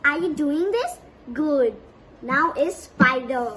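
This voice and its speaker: A woman with an Indian English accent teaches small children, her voice very high and sing-song. She speaks slowly and cheerfully, counting aloud over a faint background hum. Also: expressive, a bit bright. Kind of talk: online class instruction for young children.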